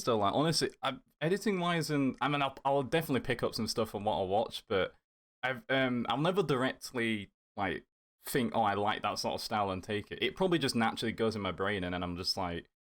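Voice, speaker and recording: Fast and a bit bright, his mid-range voice carries an eager, wandering monologue as a content creator on a casual podcast. Fillers and restarts pop up throughout.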